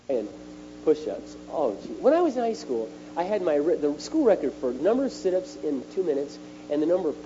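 A middle-aged man preaching a sermon at a retreat, animated and emphatic, his voice jumping up on key words. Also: fairly high pitch. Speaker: speaker at a retreat. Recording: dull lo-fi recording with faint mains hum.

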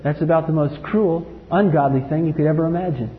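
A man preaching a sermon, emphatic, swinging from loud outbursts to low quiet lines. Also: a little fast, slight background noise. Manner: emphatic, rises to loud acted outbursts then drops low. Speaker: pastor. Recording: echoey hall, dull lo-fi sound.

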